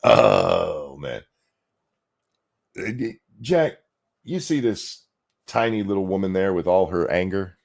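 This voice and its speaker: A man's voice: deep voice, animated, takes it slowly, pauses often. A man hosting a podcast, ranting in casual, mocking, sarcastic commentary. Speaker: podcast host.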